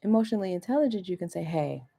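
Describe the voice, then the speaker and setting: A woman's voice: medium pitch, animated, normal speed. A woman coach giving a motivational masterclass, talking animatedly, acting out quoted voices and checking in with her listeners. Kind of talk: motivational talk.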